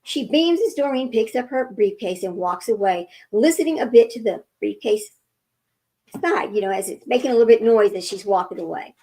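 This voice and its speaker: Brief: woman reader, slightly high, gravelly, chatty asides between passages. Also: lively intonation, moderate pace, mellow, low-quality recording. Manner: chatty, interrupts herself with asides and corrections. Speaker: reader of a book. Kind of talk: reading aloud with running commentary.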